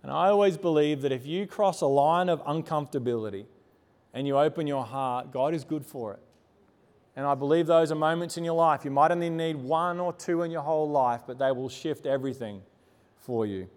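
A man's voice: fairly high pitch, brisk, a little mellow, in a large hall. A man preaching a sermon as a pastor, telling personal stories with earnest, emphatic repetition.

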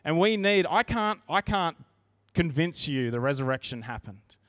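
An earnest man delivers a sermon in church with a slightly high male voice, speaking conversationally and restarting sentences. He sounds expressive and a bit bright, at a moderate pace. The close, dry recording has little room sound and no echo.

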